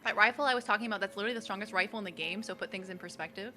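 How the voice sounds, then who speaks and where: She races along in a mid-range voice that sounds pushed and bright. A young streamer from the Boston area with a matching accent, she chats casually with her viewers during a game, talkative and ready to make fun of herself.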